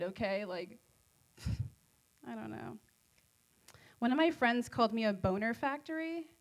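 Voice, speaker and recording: A woman takes the open-mic stage at a comedy club, high on edibles, giggling and rambling through self-deprecating stand-up.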